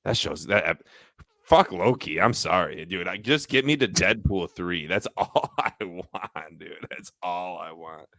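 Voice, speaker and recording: Excitable dude on a chat podcast, really low gravelly voice, swings up and down a lot, dry sound. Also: male voice, measured pace, no room sound. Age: adult parent. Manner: excitable, says "dude" a lot, swears casually. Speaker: podcast co-host. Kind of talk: casual chat.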